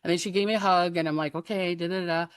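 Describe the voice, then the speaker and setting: Animated woman telling a lively story. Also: fairly low pitch, fast, clear, resonant tone, no room sound, clean studio sound. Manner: animated, acts out quoted voices, laughs often. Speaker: psychic guest. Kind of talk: casual storytelling chat.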